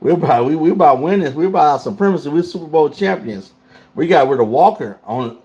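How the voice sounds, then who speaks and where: A man's voice: fairly high pitch, expressive, fast talker, a little mellow, slightly rough, highs cut off. A man hosting a casual livestream, talking loosely and in slang straight to his chat. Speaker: livestream host.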